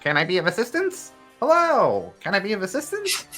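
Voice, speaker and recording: A man voicing a chorus of small mechanical gnomes, piping high and bright. They repeat their cheerful service lines over and over like wound-up toys. The voice swoops around as it sings the phrases. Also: huge pitch swings, fairly quick, soft background music, exaggerated voice. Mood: chirpy. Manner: repetitive sing-song service phrases. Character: small gnomish automatons, chirpy and mechanical.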